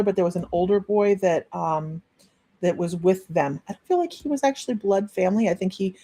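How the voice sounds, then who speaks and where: A middle-aged woman giving a live-streamed psychic reading, chatty and rambling with many pauses and restarts. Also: on the low side, a little mellow. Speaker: psychic medium.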